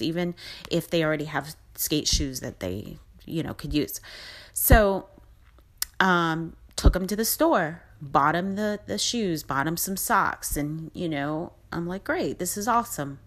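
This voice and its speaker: Middle-aged woman with a low voice rambling thru a story on her podcast, upbeat and pep-talky. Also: a bit bright. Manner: chatty, rambling, upbeat motivational. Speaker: podcast host. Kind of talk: casual storytelling monologue.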